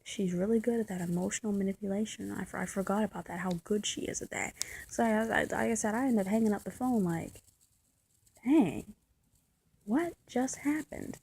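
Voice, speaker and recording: A woman vlogger talks straight to camera in a casual, confessional monologue. Her voice is husky and breathy and sits at a middling pitch. She vents candidly and stumbles over repeated words as her feelings spill out. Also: quick pace, darkish tone, low-quality recording. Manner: candid, venting, repeats and restarts often.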